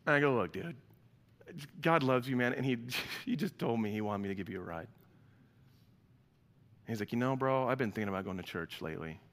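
A man's voice: mid-range voice, lively intonation, fairly quick, pauses often, a bit bright, long reverb tail. A man preaching a sermon in a large church, telling stories and acting out the people he quotes in playful voices. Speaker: pastor.

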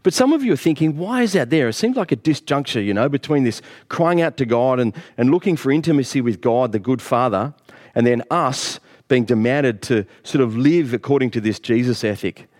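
A man's voice: mid-range voice, lively intonation, a little fast, a little mellow. Middle-aged man, pastor, preaching with earnest, rising emphasis. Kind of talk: sermon.

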